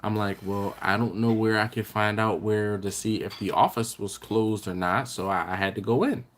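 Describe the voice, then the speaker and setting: A man's voice: on the low side, fairly even intonation, moderate pace. A man hosting a barbecue live stream from home, chatting casually, reading viewer comments and thanking people by name, often restarting his sentences. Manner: rambling, self-correcting, thanks viewers warmly by name. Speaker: barbecue channel host.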